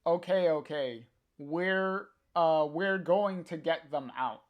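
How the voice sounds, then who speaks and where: A man reading the lines of a calm, reassuring young woman from a comic in a plain, unhurried way. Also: on the high side, lo-fi sound.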